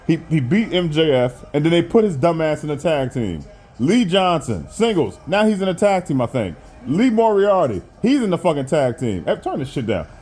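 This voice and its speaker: A man giving a profane, animated rant while reviewing a wrestling show, often laughing and jumping high in mock disbelief. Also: moderate pace, breathy edge. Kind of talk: profane rant commentary over a watched show.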